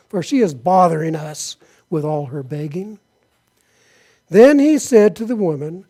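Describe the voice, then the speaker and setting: A pastor delivering a sermon, his voice pitched high for a man yet mellow and soft in tone. He reads Bible passages aloud and then turns to his listeners with questions. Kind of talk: sermon reading scripture.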